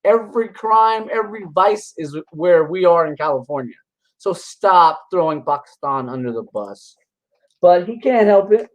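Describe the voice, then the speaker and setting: A man's voice: high-pitched, lively intonation, normal speed, highs cut off. Combative man ranting in a reaction video. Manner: combative and mocking, scoffing laughs; rambling with frequent restarts. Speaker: religious commentator reacting to videos. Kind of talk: casual reaction commentary.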